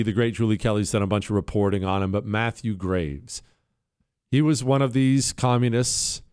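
A man's voice: medium pitch, darkish tone, no echo, clean studio sound. A man hosting his own talk show, talking in a sarcastic, combative, mocking way. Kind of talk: opinionated radio talk.

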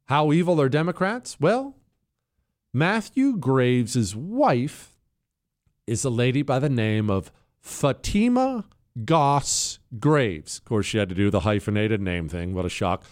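A man's voice: mid-range voice, sing-song, takes it slowly, a little mellow, dry recording, studio quality. A man hosting his own talk show, talking in a sarcastic, combative, mocking way. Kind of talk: opinionated radio talk.

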